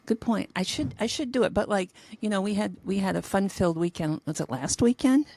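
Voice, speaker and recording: A woman's voice: medium pitch, a little fast, dark tone, no echo. A middle-aged woman co-hosting a podcast, joking about her own forgetfulness and asking short questions. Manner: forgetful, self-mocking, asks short questions. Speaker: podcast co-host. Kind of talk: casual chat.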